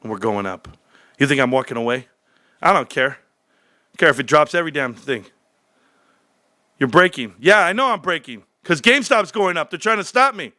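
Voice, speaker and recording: Brash guy ranting on his stream, high bright voice, mutters then yells. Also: normal speed, pauses often, no room sound, clean studio sound. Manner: swings from low muttering to shouting excitement; profane, brash. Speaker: livestream host. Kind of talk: casual livestream rant.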